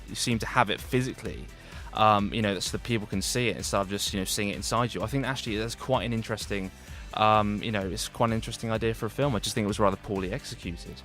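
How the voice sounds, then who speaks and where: Fast, rambling man reviewing films. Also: lowish voice, steady tone, a bit bright. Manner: rambling, heavy with fillers and restarts. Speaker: film reviewer. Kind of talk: radio film review chat. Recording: radio studio with faint music.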